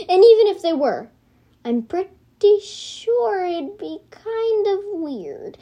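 A woman's voice: very high-pitched, big pitch swings, slow, warm tone. A woman reading her homemade storybook aloud, rambling into self-correcting asides.

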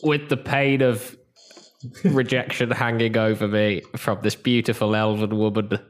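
Male tabletop player, relaxed, dry humor. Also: on the low side, unhurried. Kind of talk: casual chat.

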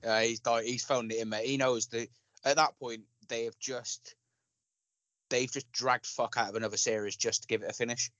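A man's voice: medium pitch, normal speed, no echo. A man co-hosting a casual film chat, blunt and sweary, telling stories with gusto. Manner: blunt, sweary, animated storytelling. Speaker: podcast co-host.

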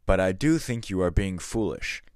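A man voicing a calm, shrewd hill boy. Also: sits low, no echo, studio quality. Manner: calm, measured, quietly confident.

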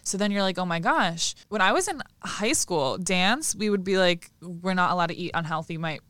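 A young woman chatting casually, reacting expressively and adding quick opinionated asides. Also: on the low side, a bit bright, no echo. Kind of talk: casual chat.

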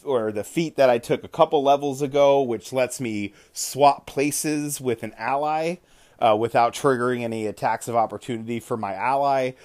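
A man's voice: mid-range voice, a little mellow. A man hosting a podcast, casually retelling a tabletop game session, swearing freely and often correcting himself mid-sentence. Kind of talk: casual storytelling.

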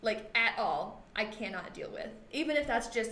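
A young woman in casual chat, rambling and self-deprecating in quick bursts. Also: a little high, expressive, a bit bright. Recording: echoey room with faint noise.

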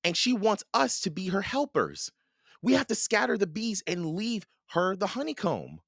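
A cheerful, bold young girl chirps in a very high, bright voice with lively swoops. She speaks unhurriedly, heard close and dry, as a man voices her in a storybook reading. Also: normal speed, gravelly, no room sound, full character voice. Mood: eager. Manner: bright, excited, high girlish voice.

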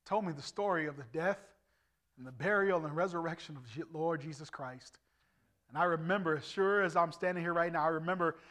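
Man in his 40s, evangelist, slightly high voice, earnest storyteller who acts out every exchange. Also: fairly bright tone. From Indiana, USA. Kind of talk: preaching a personal testimony. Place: church service.

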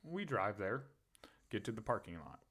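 A man's voice: fairly low pitch, sing-song, moderate pace, fairly bright tone. A man co-hosting a podcast, telling a story in a casual, profane way and laughing often. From Pennsylvania. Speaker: podcast co-host.

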